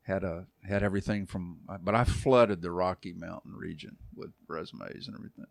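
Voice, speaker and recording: Man around sixty, youth pastor, low gravelly voice, dry close sound, chatty animated storyteller. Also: fairly quick, no echo. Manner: animated, acts out quoted voices, laughs often. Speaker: youth pastor and church elder. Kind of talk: casual storytelling in a podcast chat.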